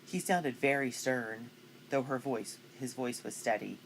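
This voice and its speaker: A woman narrating a children's chapter book aloud with clear, expressive reading. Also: very deep voice, measured pace, slight background noise. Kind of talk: storybook read-aloud.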